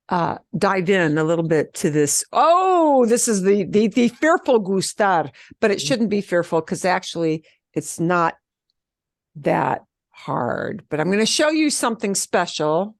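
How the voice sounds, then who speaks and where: A woman's voice: sits low, vocal fry, dry recording, studio quality. Upbeat woman teaching beginner Spanish. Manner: upbeat, encouraging, models phrases slowly for repetition. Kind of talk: online beginner language class.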